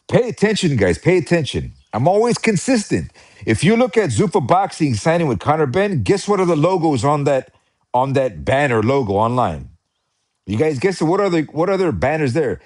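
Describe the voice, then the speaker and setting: A man with an American accent chatting casually about boxing, excitable and rambling, often repeating himself. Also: mid-range voice. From United States. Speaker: boxing commentator. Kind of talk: casual live chat.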